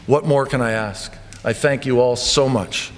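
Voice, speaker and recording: A male basketball coach giving a lively assembly speech in a church, telling stories and acting them out. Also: medium pitch, a little slow, slight background noise. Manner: animated storytelling with comic voices. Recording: long church reverb, faint ambience.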